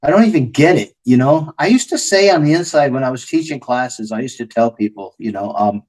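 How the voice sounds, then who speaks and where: A man's voice: medium pitch, animated, brisk, few pauses, darkish tone, low-quality recording. An older man hosting a podcast, talking bluntly and openly with frequent swearing. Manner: blunt, profane, emotionally open. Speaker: podcast host. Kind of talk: candid podcast conversation.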